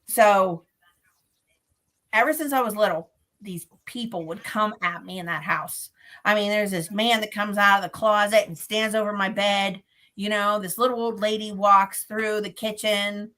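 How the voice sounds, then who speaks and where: Woman, from pennsylvania, interview guest, chatty, laughs a lot, mid-pitched voice. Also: steady tone, unhurried, long pauses, pushed and bright. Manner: chatty storyteller who laughs often. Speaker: guest, paranormal investigator. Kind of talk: casual interview chat.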